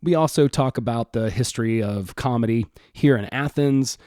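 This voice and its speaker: A man's voice: mid-range voice, normal speed, dark tone, no room sound, studio quality. A man hosting a comedy podcast, chatting casually and self-correcting often. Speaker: podcast host.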